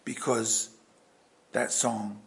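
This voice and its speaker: A man preaching a verse-by-verse sermon with an animated delivery that swings from loud emphasis to hushed asides. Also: lowish voice, very slow, vocal fry, a little hiss or hum. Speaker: pastor.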